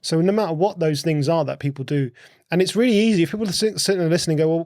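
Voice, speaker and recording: Male co-host, gravelly tone, dry close mic, loose explanatory chat with restarts. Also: fairly high pitch, fast talker, darkish tone, no room sound. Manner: repeats and restarts words, asks questions. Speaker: podcast co-host. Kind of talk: casual conversational explanation.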